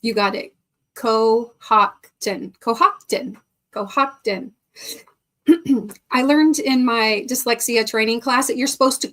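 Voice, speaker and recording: A middle-aged woman hosting a live stream, chatting casually, reading viewer comments aloud and laughing often. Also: a little high. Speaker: livestream host.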